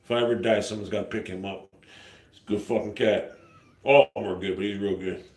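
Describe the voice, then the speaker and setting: A man's voice: on the low side, steady tone, quick pace. Profane rambling man in his fifties. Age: 50s. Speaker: livestream host. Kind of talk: casual livestream chat.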